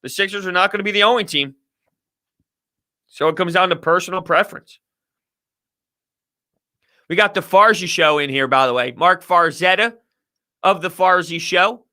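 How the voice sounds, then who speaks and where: A man's voice: high voice, moderate pace, pauses often. A man hosting a live sports talk stream, reading viewer comments and giving heated, opinionated takes. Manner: animated, opinionated ranting.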